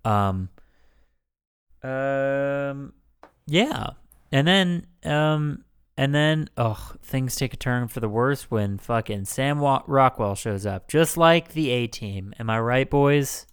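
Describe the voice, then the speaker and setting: A man recapping a film on a podcast, wandering from point to point with plenty of ums and restarts. His voice comes through smooth and clear. He swears freely and keeps the chat loose. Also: medium pitch, expressive, slow pace. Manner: rambling, crude, many fillers and restarts. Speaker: podcast co-host. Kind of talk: casual chat.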